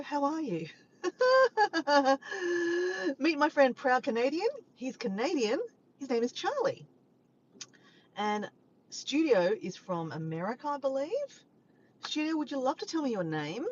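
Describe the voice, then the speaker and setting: A woman from Australia with an Australian accent, chatting casually and warmly with live viewers, sometimes breaking into bits of song. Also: fairly high pitch. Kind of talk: casual live-stream chat. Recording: dull lo-fi sound with faint background noise.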